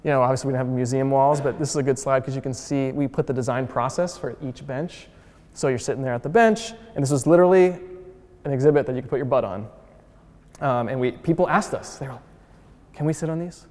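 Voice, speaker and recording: Man, mid-pitched, casual lecturer, chatty and upbeat, lots of fillers, long hall reverb. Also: fast, darkish tone. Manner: chatty and upbeat, heavy use of "like" and "uh"; acts out quotes with voice shifts. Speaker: museum founder giving a lecture.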